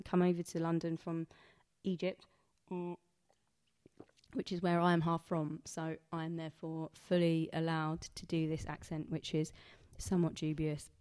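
A woman's voice: lowish voice, darkish tone. A woman poet chatting between poems at a live reading, with wry, self-deprecating asides.

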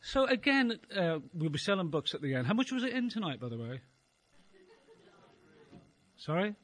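A middle-aged Irish man with a Dublin accent, a stand-up comedian and poet, delivers a rambling, wry set before a live audience and swears freely. His voice sits high with big pitch swings at a moderate pace, and a little hiss or hum is audible.

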